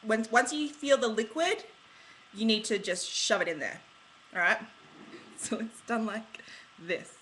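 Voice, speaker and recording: A woman's voice: fairly high pitch, expressive, a little slow, long pauses, a bit bright, a little hiss or hum, rough recording. Bubbly, slangy Australian woman vlogging. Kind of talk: casual chatty vlog.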